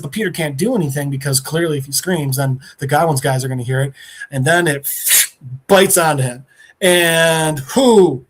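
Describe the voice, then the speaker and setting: A man on a podcast, recapping a plot in a casual, animated way and briefly acting out the characters' lines. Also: fairly high pitch. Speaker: podcast co-host.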